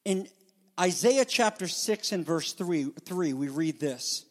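A man preaching a sermon as pastor, with animated, dramatic emphasis, speaking to a congregation. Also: high-pitched, takes it slowly. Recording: long hall reverb.

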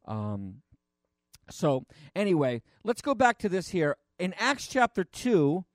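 A man preaching a conversational sermon, rambling and animated, with frequent restarts and fillers. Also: high-pitched, slow, dry recording, studio quality.

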